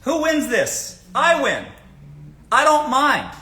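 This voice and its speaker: A man's voice: extremely high pitch, huge pitch swings, slow, sharp tone, slight background noise. A man from the American South hosting a casual livestream, giving blunt dating advice, swearing freely and asking the audience rhetorical questions.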